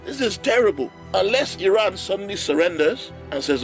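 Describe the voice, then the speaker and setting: A man's voice: sits high, sing-song, moderate pace, few pauses, soft background music. A man ranting sarcastically in a comedic political commentary, pushing into mock outrage.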